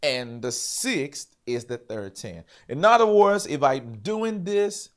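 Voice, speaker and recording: A man's voice: a little high, very animated, slow. A man teaching a live-streamed piano lesson, repeating points and quizzing his viewers.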